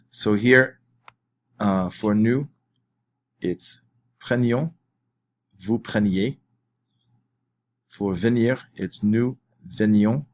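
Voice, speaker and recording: A man's voice: on the low side, slight background noise. A man teaching his class in a recorded lesson, explaining step by step with small fillers and restarts. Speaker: French teacher.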